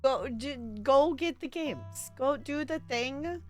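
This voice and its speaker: A woman streaming a narrative game live, reading its text aloud and gushing with quick laughs between lines. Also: high voice, faint music behind.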